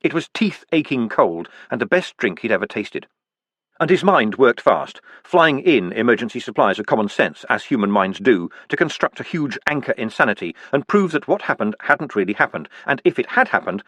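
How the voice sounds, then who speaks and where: A man narrating a fantasy audiobook with a lively, wide-ranging voice and a wry, expressive touch. The sound is close and dry, with no room around him. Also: mid-range voice, dry recording.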